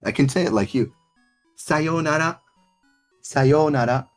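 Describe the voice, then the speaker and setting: A woman with a strikingly deep voice and a husky, breathy edge chats through a live game stream. She swings her pitch around a lot, teasing and coaxing with a playful tone, and laughs easily. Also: big pitch swings, moderate pace, a little mellow, faint music behind. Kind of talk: casual live-stream chat while playing.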